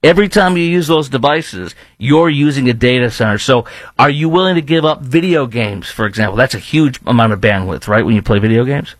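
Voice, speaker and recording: A man's voice: mid-range voice, expressive, a little fast, no room sound. A man hosting a political talk radio show, speaking emphatically, repeating himself and firing rhetorical questions.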